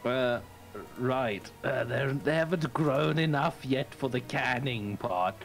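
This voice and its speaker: A man playing in a tabletop game, talking very slowly and hesitantly, laughing between phrases. Clear music plays behind him. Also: medium pitch. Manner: hesitant, laughs mid-sentence. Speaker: player. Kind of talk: casual tabletop play.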